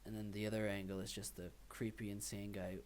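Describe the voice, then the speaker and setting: Low-voiced man rambling casually. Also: little pitch movement, a little fast, darkish tone, slight background noise. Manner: rambling, many fillers and "kinda". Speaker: podcast co-host. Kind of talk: casual chat.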